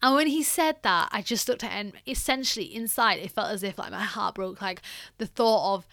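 Young woman, podcast host, chatty storyteller, bright voice, dry close sound. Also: mid-range voice, moderate pace, no echo. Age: young adult. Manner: chatty, heavy use of like and you know. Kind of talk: personal storytelling.

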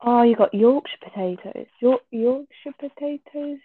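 A woman's voice: on the high side, measured pace, husky, no echo. A woman from England, co-hosting a casual chat in a teasing, giggly way. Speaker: podcast co-host. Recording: tinny phone-like line.

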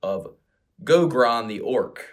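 A man's voice: medium pitch, lively intonation, takes it slowly. A man hosting a casual, jokey chat about games, playful and joking around. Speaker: podcast host.

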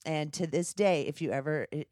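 A woman's voice: sits low, brisk, dark tone, no echo, studio quality. A woman hosting a podcast, telling frank, bawdy stories in a crude casual chat and laughing often. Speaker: podcast host.

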